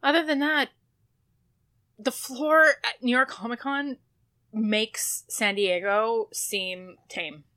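A woman's voice: a little high, fairly even intonation, slow pace, sharp tone. A woman reporter chatting casually on a podcast, telling anecdotes and acting out the back-and-forth of conversations. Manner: chatty storyteller, acts out quoted exchanges. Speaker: entertainment press reporter.

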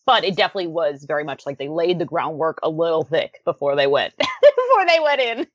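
A woman's voice: deep voice, sing-song, fairly quick, no echo. A woman chatting casually as a podcast co-host, with lots of fillers and frequent laughter. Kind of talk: casual chat about a TV series. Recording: dull lo-fi dry sound.

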